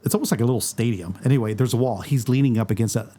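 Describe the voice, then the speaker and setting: A man chats casually as a guest on a podcast, his voice mellow and dark at an ordinary pitch. He spins stories from his work and acts out the lines of the people in them. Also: rapid-fire. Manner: storytelling, animated quoting of others. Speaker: guest photographer.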